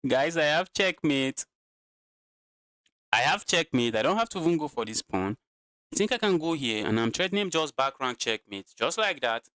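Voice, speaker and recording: A man's voice: a little high, expressive, normal speed, fairly bright tone, smooth, no echo. A man commentating his own live chess games, talking to his chat and repeating phrases while he plays, sounding tired. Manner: repeats himself, talks to chat. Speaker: chess streamer.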